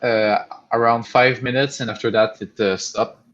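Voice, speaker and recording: Halting young man on a lo-fi mic. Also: medium pitch, fairly even intonation, fairly bright tone, slight background noise. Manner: halting, many fillers, blunt. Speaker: podcast co-host. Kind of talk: casual chat. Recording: dull lo-fi home recording.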